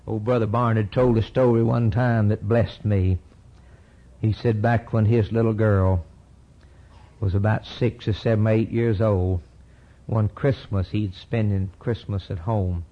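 Earnest older preacher, lo-fi. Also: male voice, steady tone, moderate pace, warm tone. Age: 50s. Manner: earnest, rising to an impassioned high pitch at climaxes. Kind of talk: sermon with closing prayer. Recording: dull lo-fi sermon recording.

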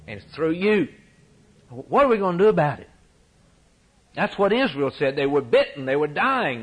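Husky, impassioned preaching man. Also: sing-song, normal speed, long pauses, low-quality recording. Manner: impassioned, swinging from loud high peaks to low quiet lines. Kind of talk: sermon.

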